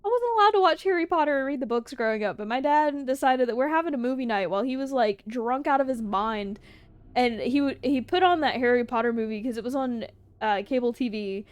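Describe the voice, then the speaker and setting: A woman's voice: sits high, lively intonation, a little fast, clear, resonant tone, dry recording. A woman streamer in casual livestream chat, answering viewer questions, laughing often and swearing freely.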